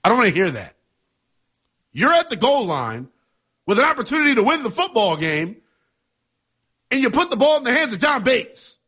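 Husky, fired-up sports talk host. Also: male voice, very high voice, very animated, normal speed, pauses often, sharp tone. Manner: passionate, emphatic, conversational.

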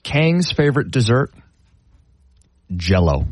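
A man co-hosting a radio sports show, telling a story with animated delivery and stammering restarts. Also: medium pitch, slow pace, husky, no room sound. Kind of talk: casual radio banter.

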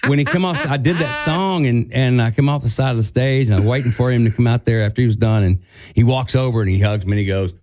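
A man's voice: medium pitch, fast talker, noisy background. A man guest co-hosting a radio show, telling a story casually and acting out quotes in a raised voice. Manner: animated, acts out quotes in a raised voice. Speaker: guest co-host, country singer.

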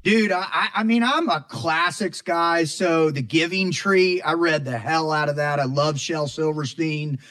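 Middle-aged man, guest, reflective, halting speech, slightly high voice. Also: fairly bright tone. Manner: heartfelt, reflective, halting with restarts. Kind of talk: casual interview chat.

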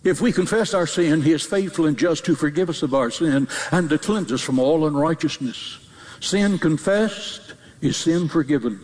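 A man preaching a sermon as a pastor, emphatic, with repeated phrases and sudden high cries. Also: normal speed, darkish tone. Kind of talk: fiery sermon. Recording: long hall reverb.

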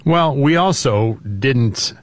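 A man's voice: medium pitch, lively intonation, slow, dry recording. A male talk show host who makes wry jokes and moves the show between topics. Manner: joking, wry. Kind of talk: casual political talk show.

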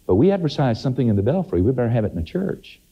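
A man's voice: medium pitch, sing-song, very fast, husky. A man preaching a sermon, emphatic, his voice climbing sharply on key points. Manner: emphatic, rising to exclamations. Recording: dull lo-fi sermon recording.

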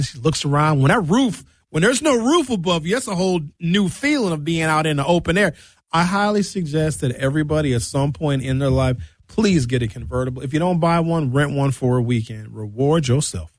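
A man's voice: on the high side, moderate pace, no room sound. Bawdy middle-aged man hosting a radio show. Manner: loose, bawdy, storytelling with acted-out voices. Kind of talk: comedic monologue.

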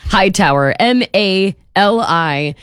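A woman's voice: mid-range voice, lively intonation, slow, a bit bright, clear, resonant tone, dry recording, studio quality. A young woman co-hosting a radio show, chatting casually and enthusiastically. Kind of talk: casual morning-show chat.

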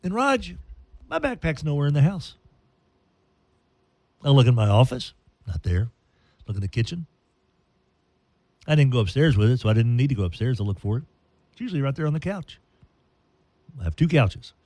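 A man hosting a radio show, telling a long funny story with playful, animated delivery and silly put-on voices. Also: mid-range voice, normal speed, pauses often, no echo.

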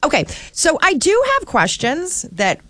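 A woman co-hosting a radio talk show, playful and quick to laugh. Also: high-pitched, big pitch swings, fairly bright tone, no echo. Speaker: radio show co-host and producer.

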